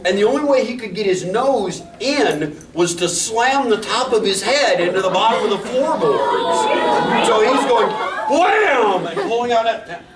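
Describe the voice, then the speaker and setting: A man hosting a convention panel, telling a funny dog story with loud sound effects and laughter. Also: high voice, sing-song, normal speed, over a noisy crowd. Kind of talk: humorous anecdote on a panel. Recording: echoey hall, distant mic, room noise.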